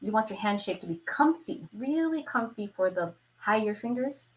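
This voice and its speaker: A woman's voice: medium pitch, lively intonation, normal speed, rough recording. A woman teaching an online violin lesson, who explains patiently and keeps checking in with her viewers. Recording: violin playing between phrases.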